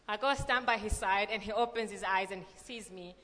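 A young woman reading scripture and then telling a lively personal story with many fillers at a church gathering. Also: mid-range voice, brisk, few pauses. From Malawi. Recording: long reverb of a large hall.

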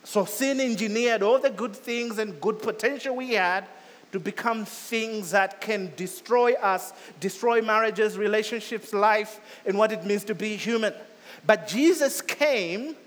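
In a big hall's long reverb, a high-voiced male pastor preaches, repeating phrases for emphasis. His delivery climbs to loud, urgent heights and then settles into something quieter and lower.

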